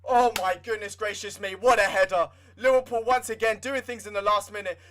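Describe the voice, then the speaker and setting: A young man giving live fan commentary on a football match, excitable and swinging from nervous muttering to shouting. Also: high voice, brisk, slight background noise. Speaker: livestream football watchalong host.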